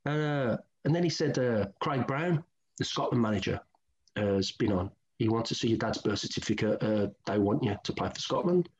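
A man's voice: medium pitch, normal speed. Brummie guy in his middle years spinning footy yarns, acts out who said what, kinda dull lo-fi sound. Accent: Birmingham. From England. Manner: animated, acts out old conversations, colloquial. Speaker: former footballer, interview guest. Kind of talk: candid storytelling interview.

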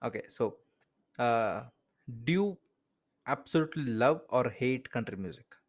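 Through a muffled recording, an animated man speaks a little slowly at medium pitch. He's a podcast host with an Indian English accent doing a casual interview, chatty, heavy on "you know" fillers, and laughing between points.

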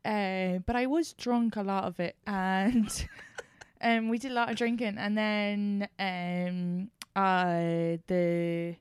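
An animated young Irish woman chatting casually, full of stories and blunt swearing. Her voice sits in the middle of the range but comes across smooth and resonant, recorded dry and close with no room sound. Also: medium pitch, no echo. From Ireland. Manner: animated storyteller, swears freely, quick laughs. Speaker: podcast host and comedian. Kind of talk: casual chat.

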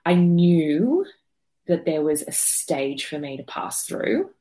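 A woman's voice: low voice, very animated, slow pace, mellow. A woman being interviewed, telling a raw, emotional personal story, swearing freely and rambling with fillers. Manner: rambling with many fillers and restarts. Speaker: podcast guest telling her birth story.

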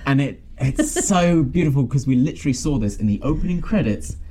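A man hosting a casual film discussion podcast, animated and mock-outraged, laughing often. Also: mid-range voice, a little fast. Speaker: podcast host.

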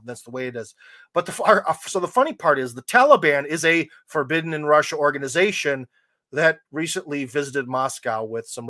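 A man's voice: on the high side, fairly bright tone, dry recording. An American man hosting a podcast, chatting casually in a loose, rambling way with wry asides. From United States. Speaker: podcast host. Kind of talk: casual chat.

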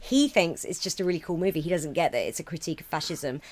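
Playful woman riffing, lively pitch. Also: fast. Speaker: podcast co-host. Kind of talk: casual podcast banter.

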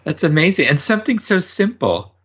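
A husky-voiced man hosts an interview podcast and reads out prepared setups before his questions. The sound is muffled and lo-fi. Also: high voice, big pitch swings, a little fast, fairly bright tone. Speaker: podcast host. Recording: dull lo-fi audio.

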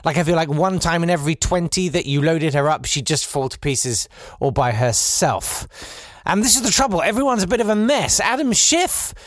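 A man hosting a comedy podcast, delivering a sardonic satirical monologue, swinging between loud bursts and quiet asides. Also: on the high side, animated, normal speed, no echo, studio quality.

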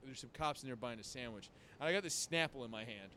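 A man's voice: mid-range voice, fast, slight background noise. A man in his thirties telling a drunken story in casual chat, swearing freely and acting out both sides of the talk. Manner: profane, animated storyteller acting out his own quotes.

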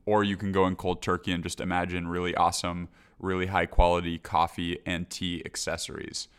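Male podcast host, low-pitched, chatty and upbeat. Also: level tone, a little fast, a bit bright, smooth. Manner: upbeat, conversational with fillers. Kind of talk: podcast interview.

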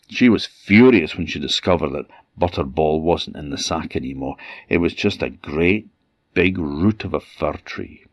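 Man, Orcadian Scottish accent, folktale storyteller, very low voice, dull lo-fi sound. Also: no echo. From Orkney, Scotland. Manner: lively, animated, voices every character. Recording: dull lo-fi dry recording.

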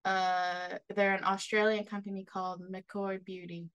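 A woman's voice: mid-range voice, flat delivery, a little slow, few pauses, a bit bright, smooth. A woman co-hosting a podcast, chatting casually in an easygoing, giggly way. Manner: easygoing, giggly, frequent agreement. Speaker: podcast co-host. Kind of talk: casual chat.

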